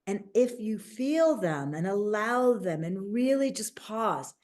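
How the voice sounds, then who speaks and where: A woman hosting a casual interview as a life coach, talking in an animated way and acting out little quoted voices. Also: medium pitch, takes it slowly.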